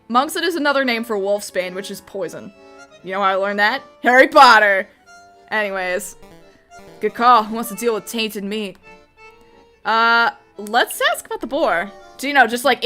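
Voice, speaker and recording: A woman's voice: medium pitch, pushed and bright. A young woman hosting a let's play, chatting casually with rambling asides while reading through a game.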